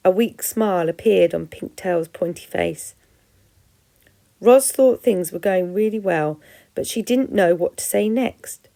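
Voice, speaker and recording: Woman teacher reading a storybook, low voice, slight gravel, expressive. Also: a little slow. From England. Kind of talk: storybook read-aloud.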